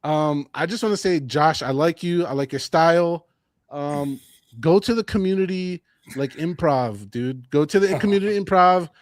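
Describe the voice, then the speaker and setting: A man co-hosting a combat sports podcast, talking in a casual, animated and opinionated way, often repeating his phrases. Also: fairly high pitch, moderate pace, no echo, studio quality. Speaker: podcast co-host.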